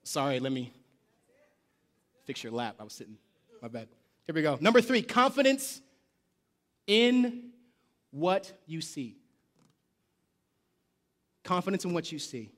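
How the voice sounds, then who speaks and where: A male pastor preaching a lively sermon in a church, shouting call-and-response lines and dropping slangy jokes and asides. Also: fairly high pitch, measured pace, long pauses. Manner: casual slangy asides and joking. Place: church sanctuary.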